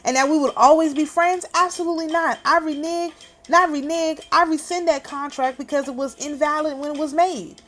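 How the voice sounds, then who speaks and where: A woman hosting her own channel, talking in a casual, emphatic and indignant way. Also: sits high. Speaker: channel host. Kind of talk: casual vlog commentary.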